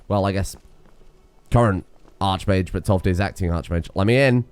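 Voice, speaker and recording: A man's voice: low-pitched, moderate pace, pauses often, a little mellow, clear, resonant tone, faint music behind. A man streaming a game, giving sarcastic, sweary casual commentary while feeling under the weather. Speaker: gaming streamer.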